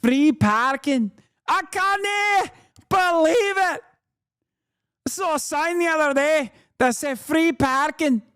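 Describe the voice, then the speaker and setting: A man putting on a screechy Scottish woman pundit who stretches every word out slow and high, mocking and shrill. The voice sits far above a normal man's range and sounds clean and close, with no room around it. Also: a bit bright, no room sound, exaggerated voice. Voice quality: shrill, drawn-out. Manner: mocking impression.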